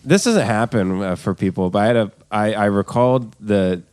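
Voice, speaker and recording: A man on a podcast telling a casual anecdote in a halting way, restarting his sentences. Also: fairly low pitch, a little mellow, clean tone, no echo, clean studio sound.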